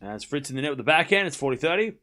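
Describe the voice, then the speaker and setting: A man with an accent calls tennis points live on his stream, talking in short bursts about each rally. His voice is animated and jumps up sharply when a big point lands. He sounds like a casual streamer, not a broadcast booth. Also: fairly high pitch, rapid-fire. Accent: non-native English accent. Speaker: livestream tennis watchalong host. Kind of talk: live play-by-play scoring commentary mixed with chat replies.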